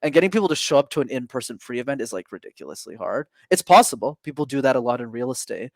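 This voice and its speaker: A man, a communication coach and podcast guest, explaining his business in a fast, energetic, casual way with many fillers. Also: mid-range voice, gravelly, no room sound.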